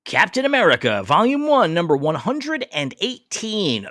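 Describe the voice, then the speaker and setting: A man's voice: high voice, huge pitch swings, moderate pace, fairly bright tone, dry recording, clean studio sound. A man co-hosting a casual podcast about comic books, laughing often and swearing casually. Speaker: podcast co-host. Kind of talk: casual comic book chat.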